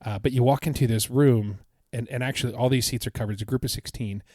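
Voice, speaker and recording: A man's voice: mid-range voice, steady tone, fast, darkish tone, no echo, clean studio sound. A man co-hosting a podcast, recounting his trip in a casual, enthusiastic, rambling way. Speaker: podcast co-host. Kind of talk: casual chat.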